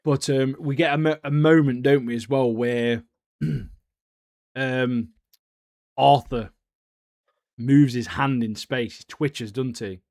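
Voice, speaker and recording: A man's voice: medium pitch, steady tone, slow, pauses often, a little mellow, dry recording, studio quality. A man co-hosting an anime podcast in a laid-back way, using slang and hesitant fillers. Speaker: podcast co-host. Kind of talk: casual anime review chat.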